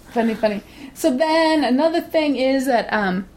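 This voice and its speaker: A woman's voice: sits high, animated, slow, a little mellow, a little hiss or hum. Blunt, salty-tongued woman telling a story. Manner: blunt, swears freely, acts out quoted voices. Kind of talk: casual storytelling chat.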